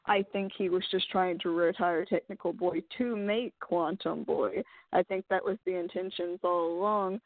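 A woman's voice: mid-range voice, fairly even intonation, moderate pace, dry recording, phone-quality sound. Woman thinking aloud over thin, dry audio. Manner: thinking aloud, hedging theories. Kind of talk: casual TV recap chat.

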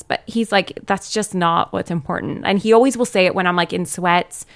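A woman's voice: lowish voice, normal speed, vocal fry. A young adult woman talking as a podcast guest, telling heartfelt stories in an emphatic, casual way full of "like". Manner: emphatic, heartfelt storytelling with lots of "like". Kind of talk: casual chat.

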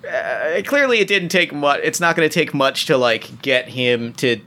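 A man narrating as game master, talking in halting bursts full of restarts and fillers. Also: medium pitch, animated, sharp tone.

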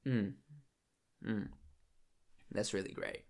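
A man's voice: lowish voice, slow pace, creaky, a little mellow. A young man vlogging in a casual, emotional monologue, swearing often and restarting his sentences as he talks about his feelings.

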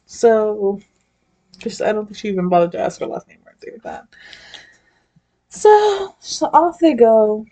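A woman's voice: mid-range voice, very animated, moderate pace, pauses often, mellow. Chatty woman recapping a story, swearing. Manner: chatty, swears a lot, lots of "like". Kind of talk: casual chat.

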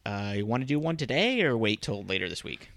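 A man's voice: lowish voice, brisk, gravelly, no echo. A man co-hosting a fantasy football podcast, chatting casually and reading an ad with lots of fillers. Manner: relaxed, filler-heavy, conversational. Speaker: podcast co-host. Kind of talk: casual podcast chat with ad read.

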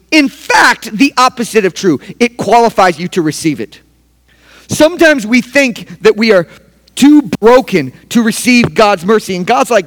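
A man preaching a sermon as pastor, emphatic, with sharp swings from hushed to loud. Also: high voice, expressive, moderate pace, big-room sound.

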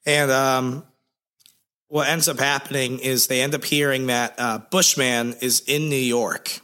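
Male podcast co-host, bright tone, slightly hoarse, casual and wry. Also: medium pitch, flat delivery, a little slow. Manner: laid-back, sarcastic, swears casually. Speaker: podcast co-host recapping comics. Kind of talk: casual chat.

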